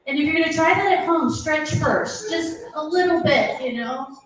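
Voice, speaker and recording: A middle-aged woman performing a stand-up comedy set, animated, dropping lower to mimic her husband. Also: moderate pace, soft background music. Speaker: stand-up comic. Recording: roomy echoing venue, mic heard from a distance.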